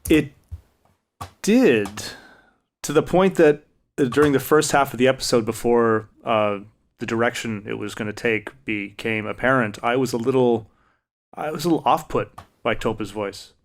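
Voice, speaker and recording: Hesitant male podcast co-host. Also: mid-range voice. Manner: hesitant, measured, with many fillers. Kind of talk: casual podcast chat.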